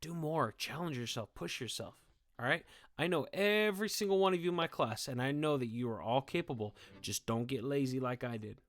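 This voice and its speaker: Animated and fairly quick, this medium-pitched man teaches guitar to his students indoors, with no room sound on the recording. He keeps encouraging them, frequently asking "okay?" and "all right?"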